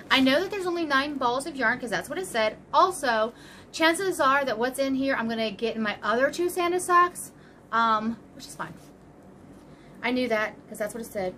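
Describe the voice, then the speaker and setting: A woman's voice: high-pitched, lively intonation, normal speed, fairly bright tone, a little hiss or hum. A woman in her fifties chatting casually and rambling happily as she hosts a crochet vlog and opens a parcel. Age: 50s. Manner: bubbly, rambling, giggly. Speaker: crochet channel host. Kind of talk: casual vlog chat, unboxing.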